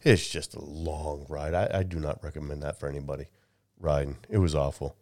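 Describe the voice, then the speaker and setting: A man chatting casually, telling travel stories in a halting way, repeating words and acting out the people he quotes. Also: very deep voice, no room sound, studio quality. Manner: animated storyteller, acts out people he quotes. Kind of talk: casual chat.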